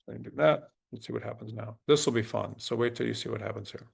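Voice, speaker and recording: A man's voice: medium pitch, creaky, husky. A middle-aged man hosting a resume workshop webinar, thinking aloud and restarting often as he types prompts on screen. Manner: halting, restarts while typing prompts on screen.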